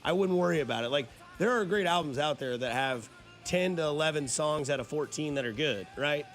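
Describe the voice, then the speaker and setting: A man co-hosting a casual sports radio show and telling stories in a relaxed, easygoing way. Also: fairly high pitch, a little fast, faint music behind. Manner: easygoing storyteller. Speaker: radio host. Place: radio studio. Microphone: studio microphone.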